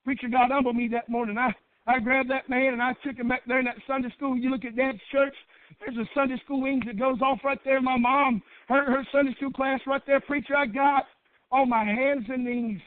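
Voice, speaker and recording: A middle-aged man preaching a Baptist sermon in a fervent cadence that builds to shouting. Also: extremely high pitch, little pitch movement, fairly quick, no echo. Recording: dry, tinny phone-like church recording.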